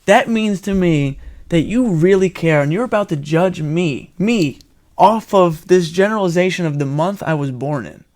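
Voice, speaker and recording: A man's voice: high-pitched, expressive, normal speed, a little mellow. A man hosting a podcast in casual chat, teasing his guest with jokes. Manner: teasing, joking banter. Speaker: podcast host.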